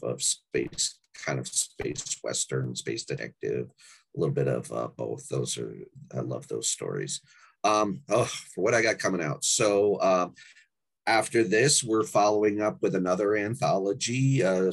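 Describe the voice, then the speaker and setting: A man, an anthology editor and author, chatting on a podcast about his projects, unhurried and pausing with fillers. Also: low-pitched. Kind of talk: casual podcast chat.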